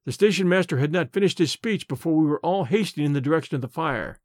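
A man narrating an audiobook in the first person, clear and expressive. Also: on the high side, fast, dry recording, studio quality.

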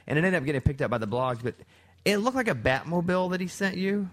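A man's voice: on the high side, animated, quick pace. A man hosting a casual interview, conversational and joking, hedging with "like". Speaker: interview host.

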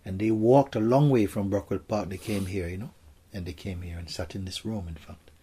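Casting: deep, warm-toned man as a spiritual teacher, soft and gentle. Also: brisk, slightly rough. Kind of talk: spiritual Q&A talk.

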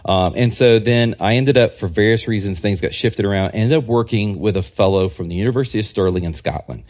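A man with a somewhat low voice talks in a relaxed, unscripted way as a podcast guest. He rambles through long anecdotes, restarting sentences and briefly acting out what other people said. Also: fast. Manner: rambling, animated anecdotes that act out quoted people. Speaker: guest historian and religious scholar. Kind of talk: casual podcast interview storytelling.

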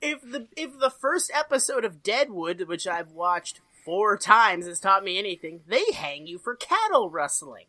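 A woman's voice: medium pitch, very animated, moderate pace, hardly any pauses, bright, forceful tone, no room sound. A woman co-hosting a podcast in casual chat, joking and laughing often as she recaps an old TV show. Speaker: podcast co-host.

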